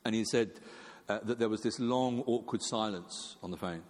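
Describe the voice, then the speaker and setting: A man's voice: normal speed, a little mellow, in a large hall. A man preaching a sermon in a conversational way, with fillers and restarts, acting out quoted voices. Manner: acts out quoted voices with jumps in pitch.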